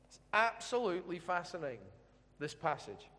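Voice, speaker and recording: A man's voice: high-pitched, very animated, moderate pace, bright, forceful tone. A man preaching a sermon in a chatty, humorous storytelling way, asking his audience questions as he goes. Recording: echoey hall reverb.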